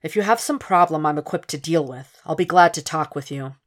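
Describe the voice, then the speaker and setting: Calm, guarded male investigator, read by a woman, low and measured. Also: lightly acted.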